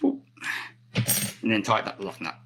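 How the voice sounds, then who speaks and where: A man's voice: fairly low pitch, wildly swooping pitch, normal speed, fairly bright tone, slight background noise, rough recording. A middle-aged man with an Australian accent, rambling chattily through a live skate maintenance demo and correcting himself as he goes. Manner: chatty, rambling, self-correcting, reads out viewer comments. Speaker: roller skate hobbyist demonstrating maintenance. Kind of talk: casual live-stream tutorial.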